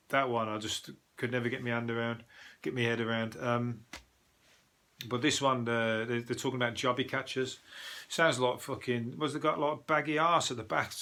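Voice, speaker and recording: A Birmingham-accented man rants through odd news stories as a comedian. He rambles, swears constantly and speaks bluntly. His voice sits at a middling pitch with a bright, forceful tone. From Birmingham, England. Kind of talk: sweary comic news review.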